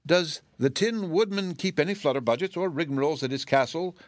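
A man puts on a plain-spoken farm aunt who asks uneasy, puzzled questions. His voice rides a bit higher for her, read close and dry. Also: normal speed, dry recording, close to an everyday voice. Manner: uneasy, wondering. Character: uneasy practical farm aunt, middle-aged woman.

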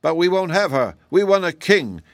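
A man voicing a chorus of proud, scornful living roses in a storybook, raising his voice into loud, haughty demands. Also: mid-range voice, lively intonation, moderate pace, no room sound, studio quality, voice pushed up, lightly acted. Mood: indignant.

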